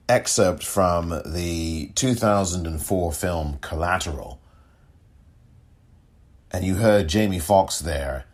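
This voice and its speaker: A man hosting a solo political commentary podcast, speaking in a deliberate, emphatic, indignant way. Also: low-pitched, husky.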